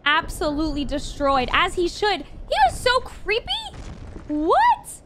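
A woman hosting a reaction video, excitable, gasping often and talking to her viewers as she watches an animation. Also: high-pitched, moderate pace, very noisy.

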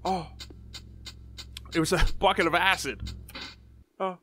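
A man's voice: fairly high pitch, slow pace, pauses often, a bit bright, soft background music. A young man giving goofy, jumpy commentary while playing a horror game, muttering to himself and then yelping. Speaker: gaming YouTuber.

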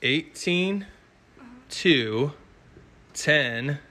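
A man's voice: on the high side, lively intonation, very slow, pushed and bright, a little hiss or hum. Playful dad in his thirties. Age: 30s. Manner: playful, teasing, laughs often. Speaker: dad running family challenges. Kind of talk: casual family chat.

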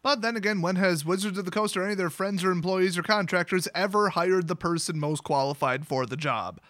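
A man's voice: sits high, brisk, fairly bright tone, no room sound. A man sarcastically retelling a fantasy story, with rambling, mocking asides. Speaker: channel host.

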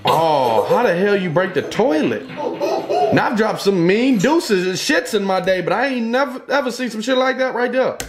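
A man's voice: high-pitched, sing-song, moderate pace, faint music behind. A young man giving casual reaction commentary on funny clips, swearing and joking in heavy slang. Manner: profane, exclaiming, joking slang-heavy banter.

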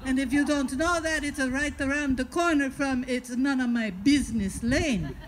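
A woman performing a stand-up comedy story on stage, chatting with the audience and dropping deadpan asides. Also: high-pitched, moderate pace, a little hiss or hum, rough recording.

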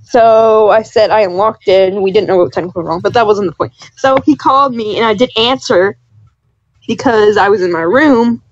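A woman's voice: medium pitch, moderate pace. A young woman chatting casually as a podcast guest, rambling through stories and giggling often. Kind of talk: casual chat. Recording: dull dry lo-fi mic.

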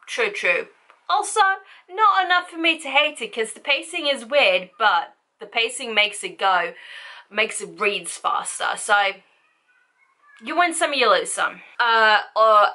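A woman's voice: mid-range voice, pushed and bright. A woman vlogging a casual book review, rambling and chatty with lots of fillers.

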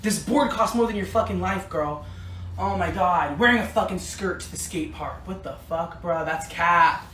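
A man's voice: high voice, normal speed, bright, forceful tone, reverberant, a little hiss or hum. A man performing comedy POV skits, playing every part himself in a bratty, whiny, sarcastic teen-girl manner. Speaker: comedy skit creator.

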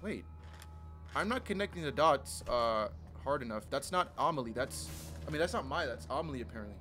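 A man's voice: medium pitch, expressive, fairly quick, over music. A young man commenting casually on a game he plays, loose and slangy as he reacts and reads text aloud. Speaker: gaming streamer. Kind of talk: casual let's-play commentary.

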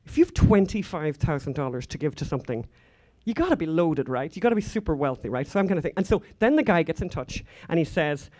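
A woman's voice: sits low, sing-song, quick pace, few pauses, dark tone. Irish woman, conference speaker, rambling anecdotes, lots of asides. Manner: chatty, rambling, frequent asides and fillers. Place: conference hall stage.

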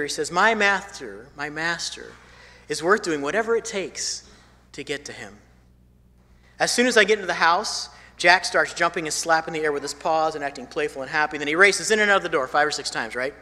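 Pastor with a bright voice in a big hall. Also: male voice, fairly high pitch. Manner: storytelling, swinging from emphatic to hushed; repeats phrases for emphasis. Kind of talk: sermon. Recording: long hall reverb.

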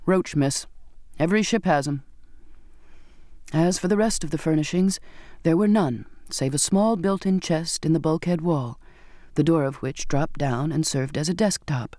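A man narrating a novel in first person with a measured, expressive reading. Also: a little high, no echo, clean studio sound. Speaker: audiobook narrator. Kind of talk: scripted narration.

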